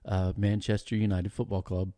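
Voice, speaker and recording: A middle-aged man on a podcast telling a story in an animated, laughing way, often stopping and starting again. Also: lowish voice, normal speed, no echo, studio quality. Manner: animated, laughing, trails off and restarts. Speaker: podcast guest. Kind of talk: casual storytelling chat.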